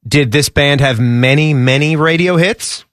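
A man's voice: a little high, unhurried, fairly bright tone, no echo, clean studio sound. A man co-hosting a sports radio show, in playful, laughing banter.

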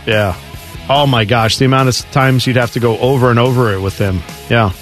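A man's voice: mid-range voice, steady tone, a little fast, fairly bright tone, soft background music. A man co-hosting a sports radio show, laughing easily and talking his answers through in casual banter. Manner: laughing, hedging, talks things through.

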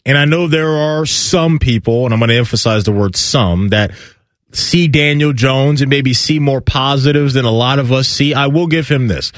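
A man's voice: medium pitch, normal speed, no echo, studio quality. Emphatic man hosting sports radio. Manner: energetic, emphatic, addresses co-hosts by nickname. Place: radio studio.

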